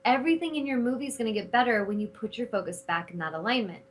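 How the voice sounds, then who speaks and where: A middle-aged woman hosting a spiritual talk show, speaking in an animated, casual way and cursing freely when she retells her anger. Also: fairly high pitch, fast, poor audio. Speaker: host.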